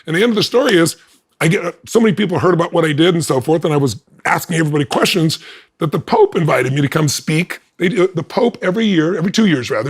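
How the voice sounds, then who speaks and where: A man as an interview guest, telling a personal story in an animated way and acting out the quoted dialogue with big swings in pitch. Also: breathy edge.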